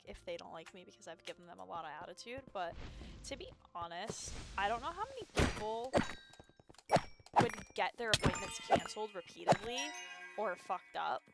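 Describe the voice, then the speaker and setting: A woman's voice: mid-range voice, big pitch swings, normal speed, gravelly. A woman streamer chatting casually, ranting in an exasperated way and swearing freely. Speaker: live streamer. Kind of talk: casual venting chat. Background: loud music.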